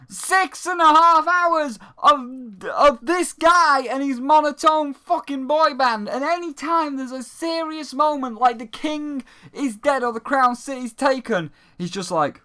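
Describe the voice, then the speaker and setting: A man's voice: extremely high pitch, a little slow, pushed and bright. A man ranting sarcastically and profanely in a game review.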